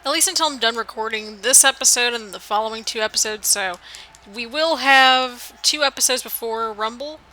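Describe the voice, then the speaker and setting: Commenting on a video game play by play, a US gaming channel host chats and rambles in an accent mixing northern, midwestern and southern sounds. Her slightly high voice is bright and forceful at normal speed, though the recording quality is low.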